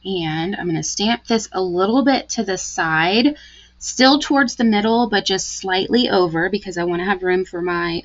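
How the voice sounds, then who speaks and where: A woman's voice: fairly low pitch, vocal fry, lo-fi sound. A woman giving a live craft tutorial, chatty and gushing as she talks through each step. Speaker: card-making demonstrator.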